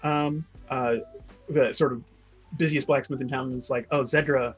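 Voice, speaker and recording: A man narrating as game master, halting often with fillers and restarts. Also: mid-range voice, fairly even intonation, breathy edge, highs cut off, soft background music.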